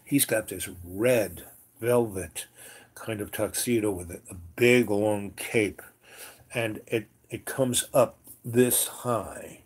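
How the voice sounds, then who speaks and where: A man's voice: on the low side, steady tone, slow, breathy edge. A man casually retelling a dream, rambling with lots of fillers and chuckling asides. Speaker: storyteller.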